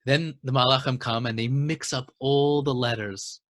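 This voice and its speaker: A man teaching a Torah lesson and telling a story, speaking emphatically and building to excited exclamations. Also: medium pitch, normal speed, no echo, clean studio sound.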